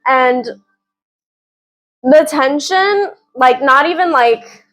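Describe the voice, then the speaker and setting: A woman giving casual, excitable reading updates as a book vlogger, gushing and often giggling. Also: sits high, very slow, poor audio.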